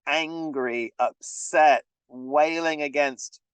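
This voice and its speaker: A man's voice: a little high, drawn-out words, clear, resonant tone, no room sound, low-quality recording. A man co-hosting a podcast in casual conversation, teasing with dry humour and swearing frankly. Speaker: podcast co-host.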